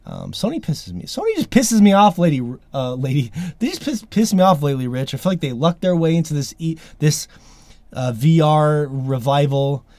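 A man's voice: fairly high pitch, sing-song, normal speed, a little mellow, no echo. Dry-voiced exasperated male podcast host. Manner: emphatic, exasperated, sweary. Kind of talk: casual chat.

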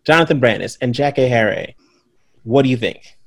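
A man's voice: medium pitch, normal speed. A man co-hosting a casual movie podcast, laughing often and trading sarcastic jokes. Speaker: podcast co-host. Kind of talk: casual chat reviewing a movie.

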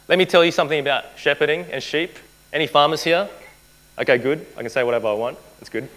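A man's voice: on the high side, fast, fairly bright tone, low-quality recording. A man preaching a sermon to a live audience, earnest, repeating key phrases and putting rhetorical questions to his listeners.

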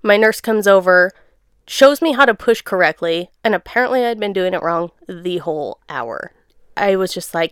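A young woman recounting her experience in a relaxed, animated chat. Her voice is smooth and clear at a middle pitch. The sound is dry and close. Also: normal speed, no room sound. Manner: chatty, laughing, animated storytelling. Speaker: guest sharing birth story. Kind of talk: casual chat.

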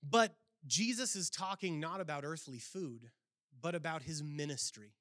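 Male preacher, high-pitched, earnest, scripture-reading sermon delivery, dry close recording. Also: normal speed, fairly bright tone, dry recording. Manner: earnest, reads scripture aloud then explains it, rising emphatically at key points.

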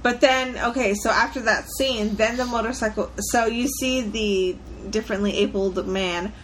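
A woman in casual chat, telling a story with lively, swearing animation. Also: fairly high pitch, moderate pace, a little hiss or hum.

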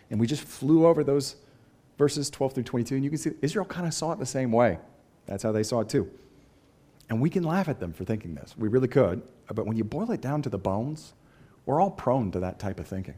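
A man preaching a sermon in a conversational way, moving between loud emphatic phrases and quiet asides and clearing his throat now and then. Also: mid-range voice. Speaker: pastor.

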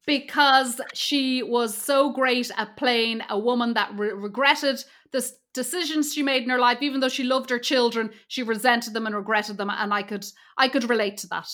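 A woman's voice: a little high, fairly even intonation, moderate pace, few pauses, fairly bright tone. A woman co-hosting a podcast, chatting casually and enthusiastically about films. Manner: enthusiastic, slips into airy mimicking voices. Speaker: podcast co-host. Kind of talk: casual film discussion.

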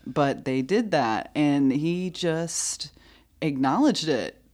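A woman with a very low voice tells a story in a relaxed conversation. She is animated, laughs often and acts out what people said. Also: slow. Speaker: storyteller in a chat. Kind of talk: casual chat.

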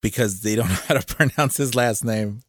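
A man with a somewhat low voice chats casually as a podcast co-host. He teases his friend and laughs often. The sound is dry and close. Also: brisk, a bit bright, no room sound. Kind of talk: casual banter.

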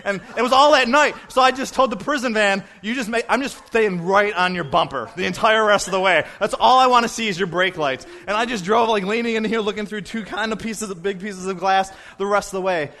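A man speaking at a retreat, telling a story in an animated way that breaks into shouts and laughter. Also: sits high, brisk, few pauses. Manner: excitable, bursts into shouts and laughter.

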